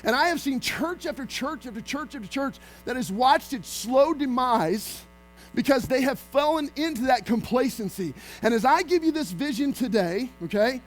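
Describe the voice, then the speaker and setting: Male pastor, very high voice, energetic storytelling sermon, faint music behind. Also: moderate pace, low-quality recording. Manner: energetic storytelling with acted-out quotes. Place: church sanctuary.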